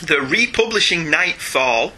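A man's voice: fairly high pitch, expressive, measured pace, pushed and bright, poor audio. A British man hosting a podcast in casual, jokey chat, laughing often. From Britain. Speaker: podcast host.

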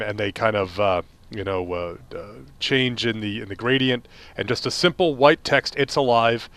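A man's voice: medium pitch, fairly bright tone. A middle-aged man co-hosting a podcast in a casual, rambling way, full of fillers and restarts. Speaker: podcast co-host.

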